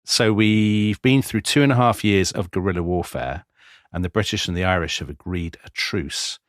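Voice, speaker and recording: A man co-hosting a history podcast, explaining in a measured, dry way. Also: low voice, no echo. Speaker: podcast co-host.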